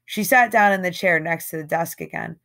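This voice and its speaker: A woman's voice: on the low side, brisk, fairly bright tone. Woman reading a novel aloud, casual. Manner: casual, conversational storytelling with occasional slips. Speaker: audiobook reader.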